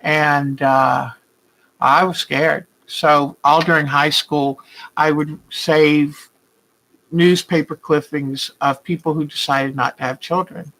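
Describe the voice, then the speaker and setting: Bright-voiced older woman, chatty. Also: low-pitched, fairly even intonation, takes it slowly, low-quality recording. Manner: chatty and warm-hearted, greets viewers by name, rambling asides. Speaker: quilting vlog host. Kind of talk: casual live chat with viewers.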